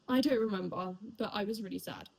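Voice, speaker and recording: A woman's voice: medium pitch, a little fast, creaky, a little mellow, husky, poor audio. A young woman chatting casually about the books she read, rambling with lots of fillers and likes. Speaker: book reviewer. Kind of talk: casual chat.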